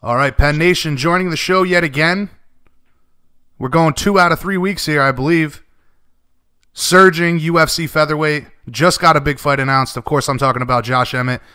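A male radio host keeps the talk easygoing and friendly, calling his guests buddy and brother. His voice is bright and smooth, with a dry, close sound. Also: a little high, moderate pace, dry recording. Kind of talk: casual radio interview and show links.

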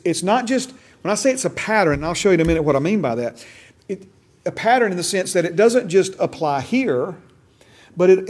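A man's voice: a little high, darkish tone. A middle-aged man teaching a church discipleship class, passionate and repetitive, checking in with "okay?". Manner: passionate, repeats and restarts phrases, asks "okay?".

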